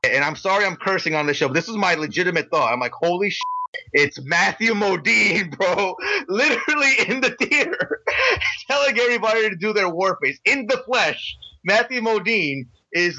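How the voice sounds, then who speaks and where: A man on a podcast retells a story in an excitable, slangy way. His voice sits a bit high and sounds very bright and forceful. The recording is dull and lo-fi. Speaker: podcast co-host. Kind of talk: casual chat, animated storytelling.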